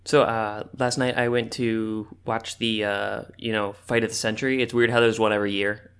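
A man's voice: on the low side, normal speed, clear, resonant tone. Rambling, laughing man telling a story. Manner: rambling, animated storytelling with frequent fillers and laughs. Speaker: podcast co-host. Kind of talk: casual chat.

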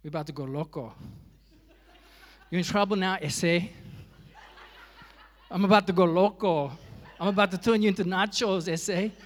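A man's voice: high-pitched, normal speed, long pauses, big-room sound, natural voice. A man voicing his boyhood self as a boastful tough guy with a Mexican accent. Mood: mock threatening. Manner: boastful threats. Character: swaggering boy turned mock tough guy.

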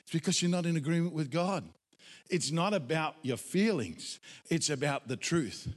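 A man preaching a sermon in an animated, dramatic way, acting out the voices of doubters. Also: on the high side, moderate pace. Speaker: pastor. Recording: echoey hall, long reverb.

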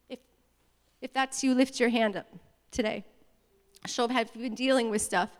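A woman's voice: a little high, steady tone, moderate pace, long pauses. A woman pastor preaching a sermon with impassioned call-and-response. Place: church sanctuary. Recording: echoey church hall.

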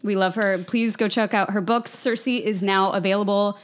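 A woman's voice: medium pitch, fairly even intonation, moderate pace. A woman co-hosting a podcast, playful and giggly, rambling through a quiz and sign-off. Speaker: podcast co-host. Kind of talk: casual podcast chat.

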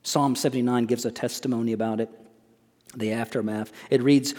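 A pastor's sermon rings through a reverberant church sanctuary, his mid-range voice steady, mellow and a little fast. He speaks with emphasis and keeps asking the congregation rhetorical questions.

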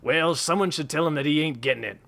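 A man's voice: a little high, fast talker, creaky, sharp tone. A man voicing a furious, foul-mouthed frontier sheriff who screams and curses. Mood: smug. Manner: screaming, swearing, explosive.

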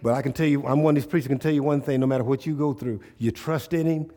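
A man's voice: mid-range voice, fast talker. A male preacher giving a sermon, speaking. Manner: call-and-response preaching, rising to loud animated storytelling.

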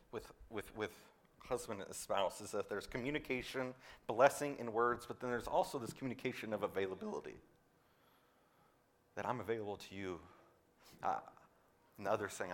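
This pastor preaches at a normal speed, leaving long pauses. His sermon shifts between emphatic, loud declarations and low, quiet asides, and he repeats words when driving a point home.

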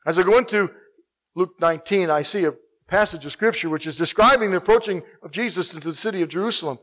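A man preaching a sermon, swinging between hushed, slow passages and loud, emphatic ones, and repeating phrases for emphasis. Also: high voice, poor audio.

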